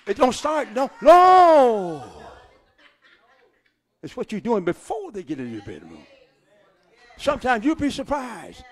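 A middle-aged man preaching a sermon from a church pulpit, calling for amens and rising to shouts. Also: extremely high pitch, wildly swooping pitch, slow pace, long pauses. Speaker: pastor.

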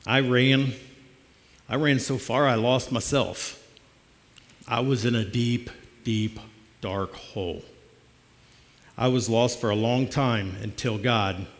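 A middle-aged man preaching a personal testimony sermon as a lay preacher, in a plainspoken, conversational storytelling way. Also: mid-range voice. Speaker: lay preacher filling the pulpit. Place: church sanctuary. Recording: long church reverb.

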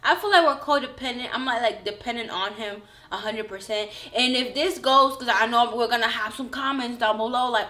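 This is a young woman with a Spanish accent, co-hosting a casual couple's vlog. Her voice sits high and sounds bright. She is sassy and laughs often, and she drops into Spanish. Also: a little fast, few pauses. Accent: Spanish-accented English. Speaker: vlogger co-host. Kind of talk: casual couple reaction chat.

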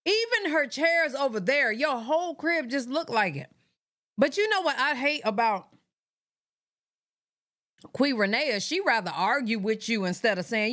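A woman's voice: high-pitched, animated, a little slow, pauses often, fairly bright tone. A woman hosting a reaction channel, giving blunt, profane commentary on clips in a casual way. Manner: blunt, profane, laughing asides.

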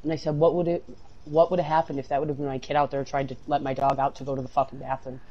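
This co-player racing through casual gaming chat has a medium-pitched voice and a level tone, and the highs are cut off. He curses constantly, spins a long rambling story, and bursts out loudly whenever he loses.

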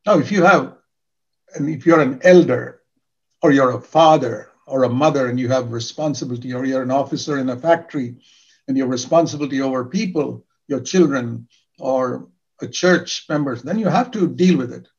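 A man's voice: medium pitch, moderate pace, muffled recording. An older man preaching a sermon in an earnest, emphatic way, repeating key words for stress.

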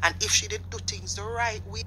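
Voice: mid-range voice, steady tone, a little fast, pushed and bright, slight background noise, low-quality recording. A speaker with a Jamaican accent chatting in patois, often stumbling over repeated words. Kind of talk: casual commentary chat.

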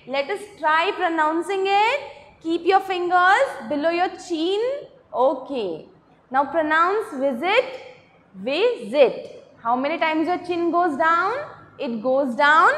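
Woman, Indian English accent, high lively voice, slow teacher talk, echoey room. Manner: slow, patient, asks children questions. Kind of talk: classroom lesson for young children.

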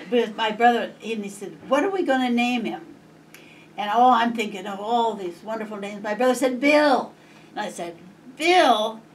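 Older Montana woman reminiscing. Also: mid-range voice. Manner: lively, chuckling reminiscence with acted quotes. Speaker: interviewee. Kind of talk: oral history storytelling. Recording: distant mic, faint noise.

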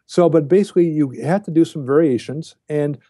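An older man, a diet researcher appearing as a podcast guest, lectures bluntly and with emphasis. His fairly high, mellow voice moves a little fast, in a studio-quality recording with no echo.

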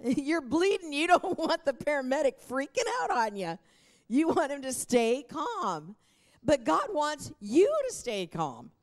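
A woman's voice: high voice, sing-song, measured pace. A middle-aged woman preaching a sermon in an earnest, encouraging way. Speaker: pastor.

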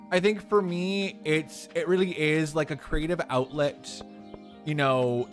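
Chatty young man streaming with soft music. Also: fairly high pitch. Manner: chatty, answers chat questions warmly with many fillers. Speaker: streamer playing a farming game in drag. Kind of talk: casual live-stream chat.

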